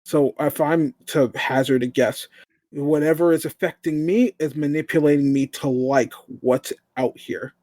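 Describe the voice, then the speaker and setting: A man's voice: fairly high pitch, steady tone, unhurried, mellow, no room sound. A man playing a tabletop game, thinking aloud with hesitant restarts. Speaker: player. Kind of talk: casual tabletop play.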